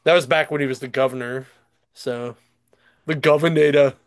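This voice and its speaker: A man's voice: medium pitch, steady tone, normal speed, no room sound, studio quality. A man chatting casually and telling stories as a podcast host, rambling with lots of fillers and frequent laughter. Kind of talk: casual chat, storytelling.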